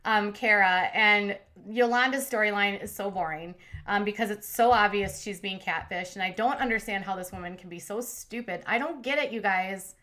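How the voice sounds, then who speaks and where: A woman's voice: mid-range voice, normal speed, few pauses, sharp tone. A woman hosting a commentary channel, recapping reality TV in a chatty, opinionated way and acting out quotes in voices.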